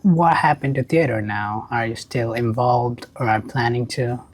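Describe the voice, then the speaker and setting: A man's voice: mid-range voice, steady tone, normal speed. A man hosting a casual podcast interview, upbeat and friendly, with slightly non-native phrasing. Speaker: podcast host.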